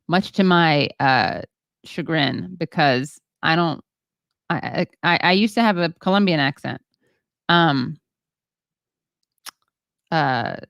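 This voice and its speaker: A woman hosting a livestream, reading viewer comments in a rambling, halting way with many fillers and self-deprecating asides. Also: low-pitched, no room sound, clean studio sound. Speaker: show host.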